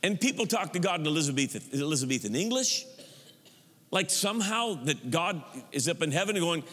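High-voiced pastor preaching in an echoing hall. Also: male voice, brisk. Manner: animated preaching, mocking churchy prayer voices. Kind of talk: sermon.

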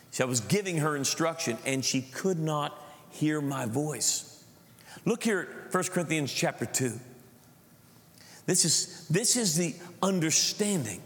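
A man's voice: fairly high pitch, fairly bright tone. A middle-aged male pastor preaching a sermon, telling a family story with frequent repeated words and restarts. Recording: long hall reverb.

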